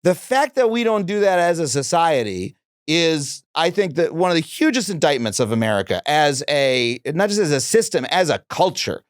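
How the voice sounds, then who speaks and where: A man hosts a podcast interview, his voice somewhat high and very lively in its rise and fall. He speaks earnestly and with emphasis, in a dry, close sound. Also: normal speed, no echo. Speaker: podcast host.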